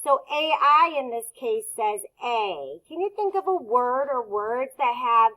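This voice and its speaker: A woman teaching a phonics lesson to children, speaking slowly and patiently as she sounds out words. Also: a little high, very animated, bright, forceful tone, low-quality recording.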